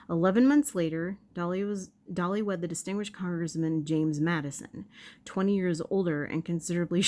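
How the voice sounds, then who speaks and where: A woman's voice: fairly low pitch, darkish tone. Playful woman reading history aloud. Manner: playful, self-interrupting, reacts to the text. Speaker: video host.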